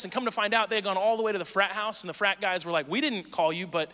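Storyteller, man in his forties, animated delivery that acts out other voices, fairly high voice, in a reverberant hall. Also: a little fast, long pauses. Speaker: speaker telling a personal story. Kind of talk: casual storytelling monologue.

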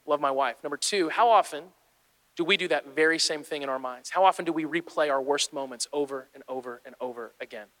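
A man in his thirties preaches with a high, bright voice, moving from easy storytelling to urgent, animated exhortation. His words ring out with a long hall reverb around them. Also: brisk. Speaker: pastor. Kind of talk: sermon.

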